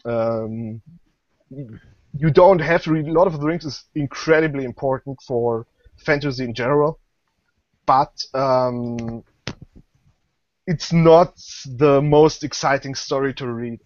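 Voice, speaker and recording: A man's voice: mid-range voice, takes it slowly, pauses often, a little mellow, no echo. Hesitant young man, dull call audio. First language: German. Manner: hesitant, many fillers and restarts. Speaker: guest author. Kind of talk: casual online interview. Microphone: video call.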